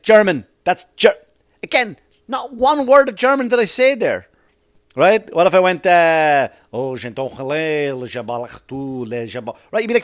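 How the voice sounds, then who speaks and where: A man's voice: mid-range voice, dry recording, studio quality. A man delivering a rambling, profane comic monologue as a podcast host, constantly checking in with the listener. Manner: profane, keeps checking in with "right?".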